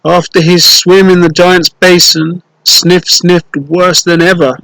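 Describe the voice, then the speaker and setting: Storyteller reading a children's book: slightly high male voice, very unhurried, playful. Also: flat delivery, fairly bright tone, no echo, rough recording. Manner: slow, clear and playful, with rhymes.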